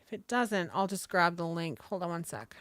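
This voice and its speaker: A woman's voice: lowish voice, lively intonation, moderate pace, a bit bright, no room sound. Chatty woman on a dry close mic. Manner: chatty, swears casually, greets viewers from chat. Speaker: livestream host. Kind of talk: casual livestream chat leading stretches. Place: seated at a table at home. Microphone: desk microphone close by.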